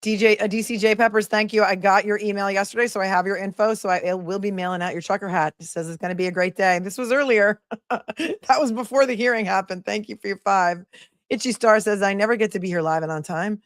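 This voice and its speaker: A woman's voice: medium pitch, fairly even intonation, quick pace, dry recording, studio quality. A woman attorney hosting a casual livestream, reading viewer messages aloud and thanking them in a chatty, affectionate way.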